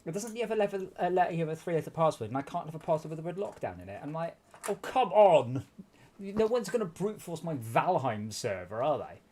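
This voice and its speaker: Lively man griping over gameplay. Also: a little high, fast, few pauses, a little hiss or hum. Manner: exasperated running commentary, stumbling restarts. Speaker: streamer hosting a game night. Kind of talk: casual gameplay chat.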